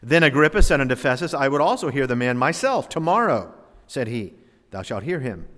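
A man preaching a sermon, reading scripture aloud and explaining it dramatically, swinging between loud emphasis and hushed asides. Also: medium pitch, sing-song, brisk. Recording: long reverb of a large hall.

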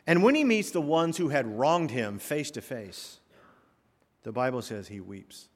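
A male pastor preaching a sermon, swinging from quiet asides to loud, rising exhortation. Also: mid-range voice. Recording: long hall reverb.

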